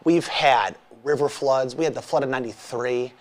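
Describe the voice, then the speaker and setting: A man's voice: medium pitch, moderate pace, a crowd in the background. A man, co-hosting a casual podcast, rambling and joking and repeating himself as he talks. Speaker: podcast co-host.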